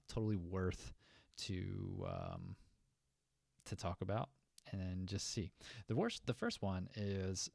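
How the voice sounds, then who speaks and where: Gravelly, casual male host. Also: fairly low pitch, darkish tone, dry recording, studio quality. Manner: chatty, loose, many fillers and asides. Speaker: host of a fan news show. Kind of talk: casual commentary reading chat.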